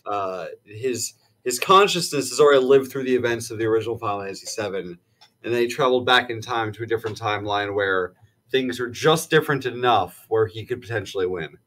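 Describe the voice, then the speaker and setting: A man's voice: on the low side, fairly quick, fairly bright tone. A man in a casual discussion, agreeably summarizing what his co-host said. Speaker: guest co-host.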